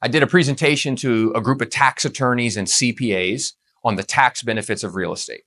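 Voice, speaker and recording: A man giving a motivational presentation on real estate tax strategy, with a punchy, emphatic, rapid-fire delivery. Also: mid-range voice, a bit bright.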